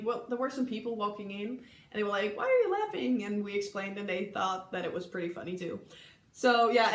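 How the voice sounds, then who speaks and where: A young woman from the Netherlands with a Dutch accent, casually telling funny stories from her exchange year, chatty and giggly with many ums. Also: mid-range voice. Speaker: vlogger recalling an exchange year. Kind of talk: casual storytelling to camera. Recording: echoey room.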